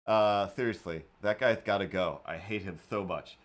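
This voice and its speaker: Sitting low and moving at a moderate pace, a man's voice carries a rambling live-stream chat as he draws. The host keeps things casual, mumbling playful asides to himself while working.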